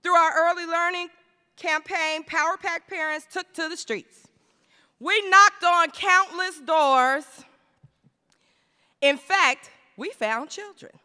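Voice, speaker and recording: A woman giving a plenary speech at a conference, rhetorical and emphatic, slowing down to stress key phrases. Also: very high voice, sharp tone. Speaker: conference speaker. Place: large conference hall. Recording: reverberant hall.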